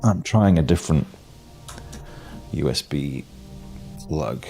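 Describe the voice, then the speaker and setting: Very deep, gravelly British man gaming. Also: lively intonation, a little slow, long pauses, dark tone, faint music behind. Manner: wry, playful, with many fillers and restarts. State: has a cold, coughing and sneezing. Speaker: game streamer. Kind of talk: casual gameplay commentary.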